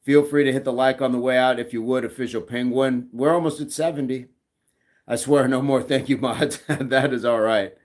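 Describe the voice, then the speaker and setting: A man's voice: mid-range voice, fairly even intonation, moderate pace, darkish tone. A middle-aged man hosting a livestream, reading chat messages aloud in a casual, joking way and laughing often.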